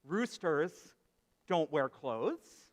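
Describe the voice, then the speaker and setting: A man's voice: on the high side, sing-song, extremely slow, heavily acted. A man voicing a puzzled young rooster prince. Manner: puzzled, questioning. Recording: echoey hall reverb.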